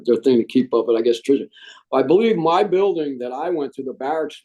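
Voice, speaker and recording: A middle-aged Marine veteran tells stories in a casual interview, animated and joking, saying "man" a lot. His voice is medium-pitched and the recording is rough.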